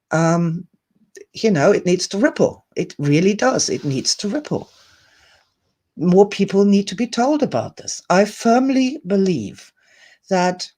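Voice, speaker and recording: Husky, slow-talking woman musing aloud. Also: lowish voice. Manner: earnest, musing, reading viewer comments aloud; laughs softly between thoughts. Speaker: host of a live online talk. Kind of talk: reflective live-stream monologue.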